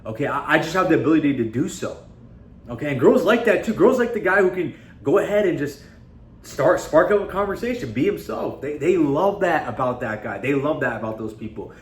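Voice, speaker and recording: A man's voice: a little high, expressive, fairly quick. Emphatic man in an echoey room. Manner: conversational and emphatic, repeatedly addressing viewers as guys. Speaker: self-improvement video host. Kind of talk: casual motivational talk to camera. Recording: echoey room with faint background noise.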